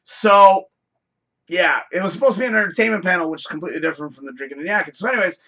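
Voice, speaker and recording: Male host, high bright voice, loose rambling anecdote with cursing. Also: very fast. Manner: rambling, animated, swears freely. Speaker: show host. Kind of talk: casual storytelling on a live show.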